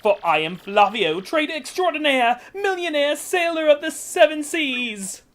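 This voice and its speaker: A woman's voice: high-pitched, lively intonation, a little slow, voice pushed up. A woman voicing a flamboyant, vain, wealthy male sea trader for a game playthrough, speaking in grand theatrical exclamations. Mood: excited. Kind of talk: voicing game dialogue for a let's play.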